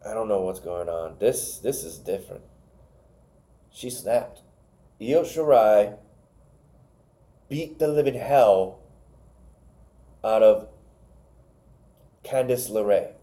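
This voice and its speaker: A man's voice: on the low side, lively intonation, slow, pauses often, dark tone. A man co-hosting a podcast, casually recapping wrestling matches, rambling and stumbling over names. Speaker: podcast co-host.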